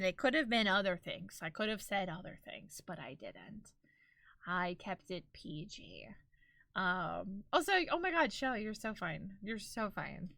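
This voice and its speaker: A woman streaming live and chatting casually to her viewers, expressive and quick to laugh. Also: medium pitch, no echo.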